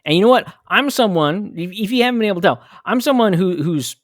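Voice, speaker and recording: A man's voice: sits high, animated, quick pace, no room sound, studio quality. A man hosting a podcast, telling a candid, reflective story about his own childhood. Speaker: podcast host. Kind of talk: personal storytelling monologue.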